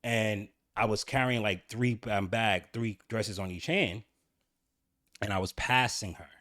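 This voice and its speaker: A man's voice: fairly low pitch, steady tone, a little slow, sharp tone, no echo, studio quality. A man hosting his own channel, candidly telling a personal story in a rambling way with frequent restarts. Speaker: channel host.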